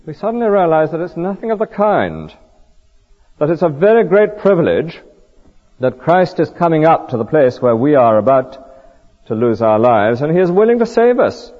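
A man's voice: a little high, sing-song, normal speed, in a large hall, highs cut off. A man preaching a sermon, earnest and full of rhetorical questions and vivid stories.

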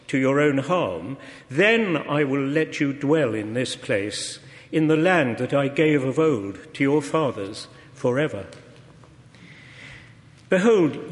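A man reading scripture aloud in a measured, solemn, expressive way. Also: a little high, long reverb tail. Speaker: scripture reader.

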